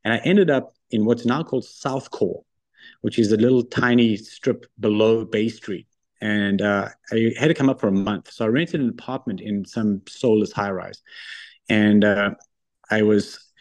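A middle-aged man with a fairly low voice talks as an interview guest. He tells stories briskly and with confidence, in a relaxed and casual way. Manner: confident, brisk anecdotal storytelling. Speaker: guest, wealth firm founder.

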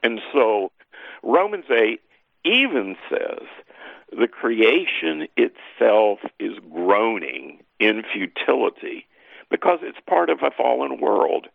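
A man with a low, gravelly voice, swinging widely in pitch as he teaches with emphatic energy. The sound is dry and narrow, like a phone or radio feed with no room around it. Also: sing-song, slow, no echo. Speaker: guest scholar. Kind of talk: lively teaching talk.

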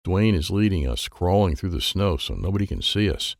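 A man reading a children's book aloud, lively and playful, with sound effects and character voices. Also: low-pitched, fairly quick, gravelly, no room sound, studio quality. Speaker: audiobook reader.

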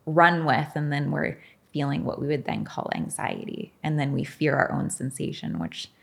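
A woman's voice: sits low, big pitch swings, moderate pace, gravelly. A middle-aged woman being interviewed as a podcast guest, telling her story frankly and with animation, swearing and laughing often.

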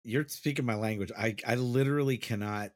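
A man's voice: medium pitch, brisk, no room sound, clean studio sound. A middle-aged man, a podcast co-host from New Orleans, chatting casually and laughing as he tells stories. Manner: laughs often, storytelling. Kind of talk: casual chat.

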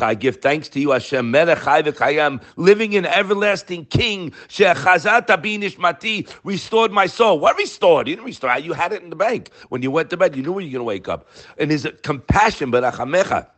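A man teaching a daily Torah class, firing rhetorical questions and mixing Hebrew terms into his English. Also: mid-range voice.

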